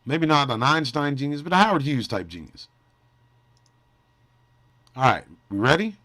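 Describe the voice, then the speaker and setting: A man's voice: fairly high pitch, sing-song, moderate pace, pushed and bright, dry recording. A man hosting a casual livestream, joking and teasing his chat, often trailing off into mumbles. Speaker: livestream host.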